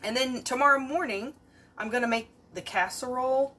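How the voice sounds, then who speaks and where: Her high, bright voice carries a forceful tone as she chats to livestream viewers at a moderate pace, working through a casual cook-along in her home kitchen. Dishes and utensils clatter in the background.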